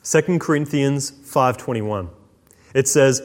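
Man preaching in a reverberant hall. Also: medium pitch. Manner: dramatic shifts between slow, hushed emphasis and quick asides. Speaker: pastor. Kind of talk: sermon.

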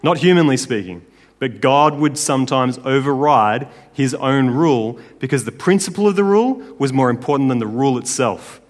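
A man's voice: mid-range voice, animated, normal speed. Casual male preacher in a reverberant hall. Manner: casual, conversational, with tag questions. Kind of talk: sermon.

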